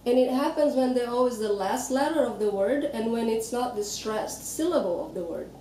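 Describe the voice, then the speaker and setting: A woman with a Brazilian accent explains pronunciation patiently, sounding out each word slowly. Her voice is slightly high and mellow. She sits back from the microphone in an echoey room with faint background hiss. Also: animated, distant mic. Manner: patient, demonstrates words slowly. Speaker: Portuguese teacher.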